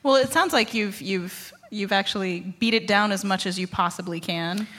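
A woman's voice: medium pitch, normal speed, a bit bright, long reverb tail, slight background noise. A woman interviewing an author, asking questions in a hesitant way with fillers and restarts. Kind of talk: interview conversation.

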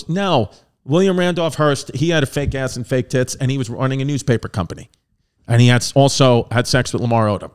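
A man in his thirties hosting a comic history monologue, brash and crude, riffing with mock voices and sudden shouts. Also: mid-range voice, smooth. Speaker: comedian hosting a history show.

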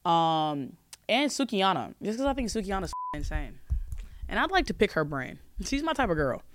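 A woman in her twenties hosting a podcast, chatting casually and answering calls with animated, profane, joking rants. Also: on the low side, brisk. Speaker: podcast host.

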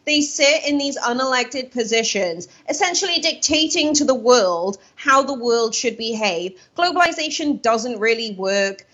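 A woman's voice: a little high, expressive, measured pace, hardly any pauses, fairly bright tone, breathy edge, dull audio. A woman talking as a guest in a radio interview, earnest and rambling, often correcting herself mid-sentence. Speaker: guest commentator. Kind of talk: radio interview, opinionated talk.

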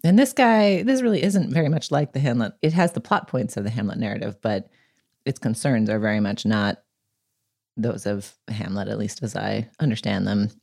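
Woman w a really low mellow voice, sarcastic podcast panelist riffing. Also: normal speed, creaky. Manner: animated, sarcastic, mimics voices when quoting. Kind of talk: casual panel discussion.

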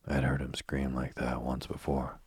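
A man reading a spooky bedtime story in a soft, slow, husky whisper, close to the mic. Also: extremely low pitch, monotone, no room sound.

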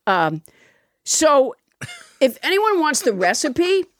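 A woman's voice: high voice, big pitch swings, takes it slowly, crowd noise. A woman co-hosting a podcast, telling a story in a rambling, amused way. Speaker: podcast co-host. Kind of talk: casual chat.

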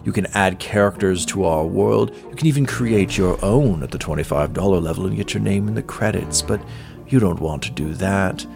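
A man playing a pompous, gravelly vain showman. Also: low-pitched, moderate pace. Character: vain, self-absorbed male show host character. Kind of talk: comedic sponsor-style ad read. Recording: music bed underneath. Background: guitar music.

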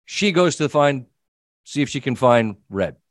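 A middle-aged man hosting a sports talk show, telling an animated story and acting out the people in it. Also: mid-range voice, a little slow, no echo, studio quality. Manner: animated storyteller, quoting himself and others. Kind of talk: casual storytelling chat.

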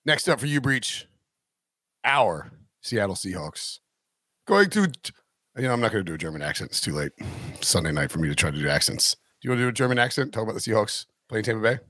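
A man's voice: fairly low pitch, very animated, fairly quick, fairly bright tone, dry recording, clean studio sound. A man co-hosting a sports betting show, rambling through his points with lots of restarts. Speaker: sports betting podcast co-host. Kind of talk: casual sports chat.

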